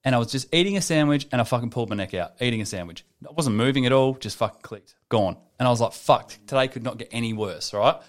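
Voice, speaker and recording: A young man co-hosting a podcast, telling animated stories and swearing freely. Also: medium pitch, fast, few pauses. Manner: swears a lot, animated storytelling. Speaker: podcast co-host. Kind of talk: casual podcast chat.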